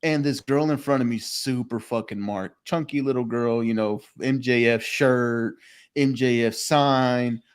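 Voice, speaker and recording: A man's voice: medium pitch, measured pace, clear, resonant tone. A man hosting a casual podcast chat, swearing freely and telling stories with lots of laughter. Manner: profane, storytelling, laughing often. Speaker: podcast host. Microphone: phone call.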